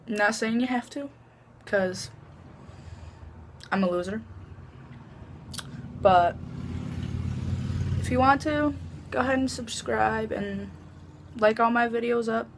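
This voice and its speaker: Slow-talking woman telling a story. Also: on the high side, slight background noise. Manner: chatty, heavy use of "like", swears freely. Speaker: vlogger. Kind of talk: casual story time telling.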